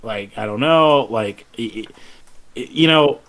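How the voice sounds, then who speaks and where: A man's voice: medium pitch, a little slow, fairly bright tone. A man running a tabletop role-playing game as game master, joking and rambling.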